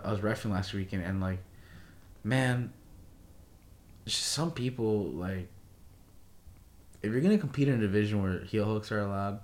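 A young man chatting casually on a podcast, relaxed and chiming in with short replies. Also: on the low side. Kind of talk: casual chat.

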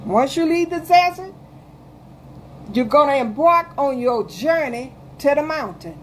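A woman's voice: high-pitched, expressive, a little slow, slight background noise. A woman pastor preaching a radio sermon with fervent repetition, reading scripture aloud in old-fashioned wording. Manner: fervent preaching, reads scripture in King James wording, repeats phrases.

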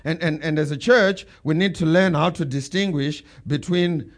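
A pastor preaching a sermon, telling stories and building to emphatic bursts. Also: male voice, a little high, moderate pace, hardly any pauses.

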